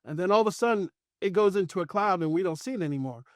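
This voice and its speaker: Rapid-fire and high-pitched, a middle-aged man recounts a casual anecdote from his life on a podcast, acting out everyone's quoted lines with animation. The studio recording is clean and echo-free.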